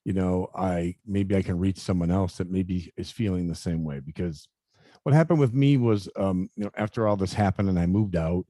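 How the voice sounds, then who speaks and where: A man in his fifties telling a personal story in an interview, earnest and halting, often repeating words and saying "you know". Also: low voice, dark tone, no echo, clean studio sound. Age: 50s. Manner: earnest, confessional. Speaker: interview guest.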